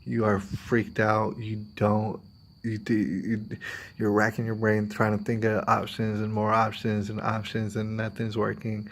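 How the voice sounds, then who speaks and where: Gravelly low-voiced man rambling. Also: monotone, unhurried. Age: adult, has a daughter. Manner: rambling, confiding, quotes others in put-on voices. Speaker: vlogger. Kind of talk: personal talk to camera.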